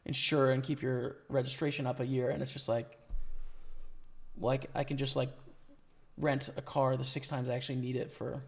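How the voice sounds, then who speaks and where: A man's voice: medium pitch, little pitch movement, moderate pace, creaky. A young man chatting casually with his stream chat and thinking aloud about poker hands, his voice worn from talking. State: losing his voice. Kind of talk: live-stream commentary.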